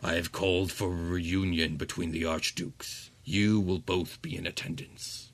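A man voicing a towering ancient demon lord with a slow, grave, imperious delivery. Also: low-pitched, steady tone, creaky, full character voice.

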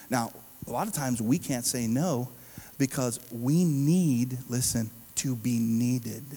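A man's voice: medium pitch, warm tone, in a large hall, poor audio. A man preaching a sermon, emphatic and calling out to the congregation. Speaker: pastor.

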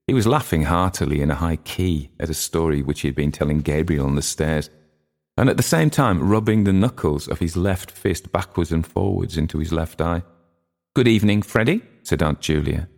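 Deep, gravelly male narrator. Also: normal speed, darkish tone. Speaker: audiobook narrator. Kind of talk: literary narration.

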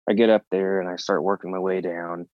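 A man on a podcast as the guest, telling a story in casual talk, animated and swearing freely as he acts out his own reactions. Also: deep voice, a little fast, no room sound, narrow, tinny audio.

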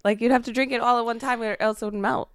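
A woman's voice: a little high, fairly even intonation, quick pace, smooth, no echo, studio quality. A woman in a casual group chat, mostly chiming in with short comments. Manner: chimes in with short reactions.

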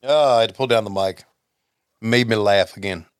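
A man co-hosting a casual chat over an old wrestling broadcast, relaxed, joking and reminiscing. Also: lowish voice, moderate pace, dry recording, studio quality. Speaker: podcast co-host watching old wrestling.

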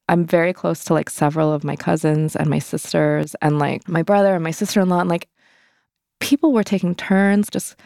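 A woman's voice: lowish voice, creaky, darkish tone, clean tone, dry recording, clean studio sound. A young woman telling a personal story in an interview, candid and loose, full of "like" fillers. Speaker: interview guest.

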